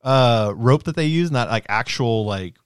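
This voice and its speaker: Laughing, animated young man chatting. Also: medium pitch, measured pace, clean tone, no echo, studio quality. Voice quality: swears casually, laughs often. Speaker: stream co-host. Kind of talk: casual chat.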